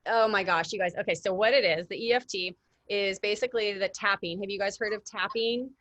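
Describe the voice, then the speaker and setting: A woman's voice: medium pitch, steady tone, fairly quick, a bit bright, dry recording. A woman in her thirties hosting an online workshop over a video call, chatty and enthusiastic, with lots of fillers and restarts. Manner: enthusiastic, addresses listeners as "you guys". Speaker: workshop host. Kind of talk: casual online workshop talk.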